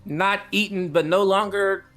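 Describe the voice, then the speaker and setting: A man's voice: high voice, fairly even intonation, unhurried, a bit bright, soft background music. A man playing in a tabletop game, chatting casually in a playful, giggly and rambling way. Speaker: player.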